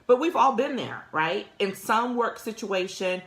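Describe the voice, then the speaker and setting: A woman's voice: medium pitch, lively intonation, unhurried, a bit bright, roomy sound. A woman hosting a career talk show, talking casually and directly to her listeners, with frequent laughs. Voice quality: conversational, addresses listeners directly, laughs often. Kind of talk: casual motivational talk to an audience.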